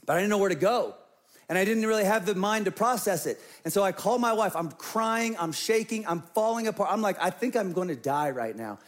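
A man's voice: sits high, brisk. A middle-aged man, a pastor, telling an earnest personal story in a sermon and acting out his own past words.

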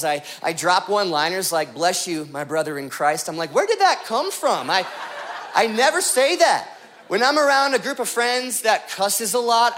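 A male pastor with a high voice preaches over a little hiss or hum. Playful and animated, he spins funny stories in assumed voices and then makes his point in this comedic sermon.

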